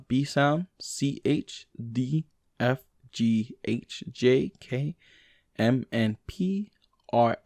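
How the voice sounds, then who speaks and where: A man, a native English speaker, reading language lesson notes aloud to himself, slowing down over examples. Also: medium pitch, a little mellow, no room sound, clean studio sound. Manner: reads text aloud with fillers and restarts, slow over examples.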